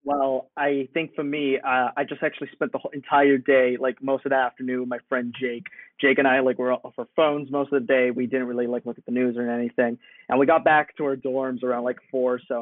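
A man's voice: medium pitch, level tone, a little fast, no echo. A young man chatting casually, a laid-back storyteller who acts out what people said. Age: young adult. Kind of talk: casual chat. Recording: tinny phone-like call audio.

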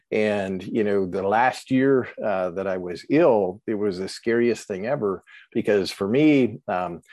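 Guy with a lowish voice sharing his story, lots of ums and restarts, dry close sound. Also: vocal fry, darkish tone, no room sound. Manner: halting, with many ums and self-corrections. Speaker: guest. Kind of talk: emotional personal storytelling.

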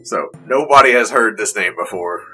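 Animated game master man, bright tone. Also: lowish voice, normal speed, soft background music, rough recording. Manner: animated, amused. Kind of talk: narrating a tabletop game.

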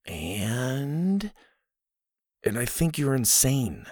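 A man's voice: medium pitch, big pitch swings, very slow, darkish tone, dry recording, pitched above the performer's own voice, full character voice. A man doing a sarcastic schoolboy. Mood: exasperated. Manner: dry, exasperated.

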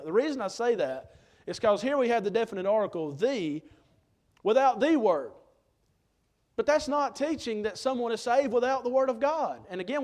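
Male preacher, high pitch, earnest emphatic sermon delivery from the pulpit. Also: darkish tone.

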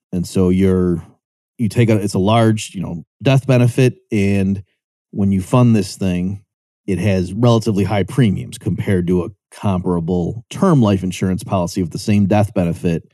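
Clean studio sound without room sound carries a dark-toned male voice giving an explanatory economics lecture. He talks chattily, checks in with listeners through "right?", and acts out quotes by lifting his pitch.

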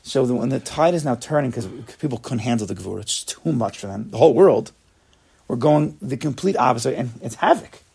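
Male Torah lecturer, gravelly and husky, emphatic and repetitive, lots of Hebrew terms. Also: medium pitch, animated, fairly quick, a little mellow. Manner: emphatic, repeats words, sprinkles in Hebrew terms. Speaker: Torah teacher.

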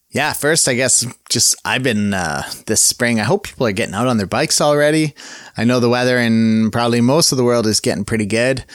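This man hosts his own podcast in a casual solo chat, rambling in an upbeat way with lots of fillers and frequent mid-sentence self-corrections. His mid-range voice is a bit bright, captured in a dry, studio-quality recording.

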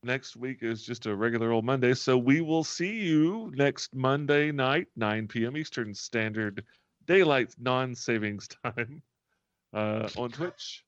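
A man running a tabletop game as game master, narrating in a relaxed, chatty way. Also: medium pitch, unhurried, no room sound. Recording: dull lo-fi stream audio, faint music.

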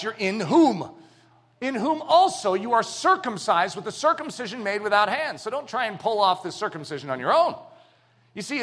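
Guy preaching, high bright voice that jumps all over, acts out little scenes. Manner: animated storytelling, acting out little scenes; swings from loud emphatic to hushed. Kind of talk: sermon.

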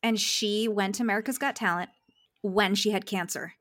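A woman's voice: mid-range voice, fairly even intonation, normal speed, a bit bright. A woman, a success coach, talking earnestly in a podcast interview and laughing often.

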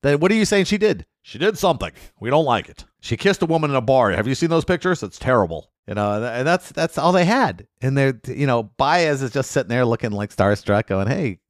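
A man guests on a podcast in a studio. He tells comic stories and acts out the people in them, his pitch swinging widely. The studio sound is dry and close. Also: a little fast, few pauses, dry recording. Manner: animated, acts out quoted voices. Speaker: guest, lawyer and comedian. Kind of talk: comic storytelling in casual chat.

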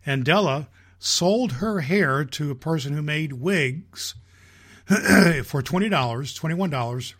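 Jolly slow-talking man as Santa. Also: on the high side, expressive, a bit bright, husky. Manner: jolly, slow and folksy with filler restarts. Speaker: podcast host playing Santa Claus. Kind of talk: storytelling reading aloud.

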